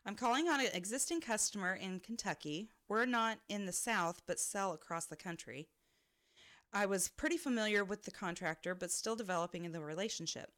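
A woman's voice: mid-range voice, lively intonation, brisk, a bit bright. A woman co-hosting a podcast, reading listener stories aloud and laughing often as she reads. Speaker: podcast co-host.

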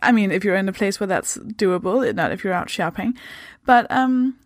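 A woman's voice: mid-range voice, moderate pace, no room sound, clean studio sound. A woman from Denmark hosting her podcast in a casual, chatty way, giggling and swearing freely. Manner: slips into goofy voices for jokes. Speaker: podcast host.

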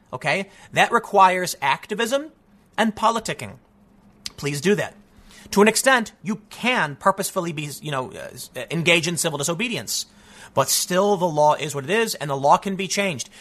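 A man's voice: high-pitched, pushed and bright. A man giving emphatic, argumentative political commentary, often restarting sentences and calling the listener "man". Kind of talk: opinion commentary reacting to news.

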